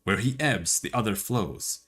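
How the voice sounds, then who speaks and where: A man voicing an excitable female scholar who studies souls, giving eager, clipped instructions. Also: fairly low pitch, a little slow, breathy edge, heavily acted.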